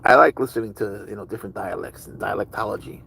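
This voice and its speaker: A man's voice: fairly low pitch, fast, gravelly, sharp tone, a little hiss or hum, low-quality recording. A man streaming live, casually chatting with viewers and answering their comments in a rambling, curious way.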